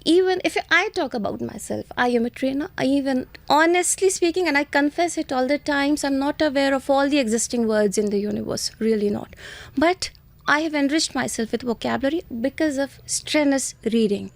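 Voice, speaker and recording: A woman's voice: high voice, brisk, vocal fry, no room sound. A woman with an Indian accent, an English-exam trainer speaking as an interview guest, giving earnest advice with emphatic repetition.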